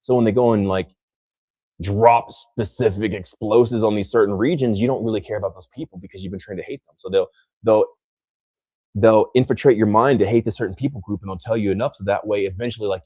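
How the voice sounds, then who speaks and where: A young American man hosts a podcast, rambling through casual chat and saying "like" constantly. His voice sits lowish with a darkish tone, and he talks at a quick pace. The recording is dry and studio quality.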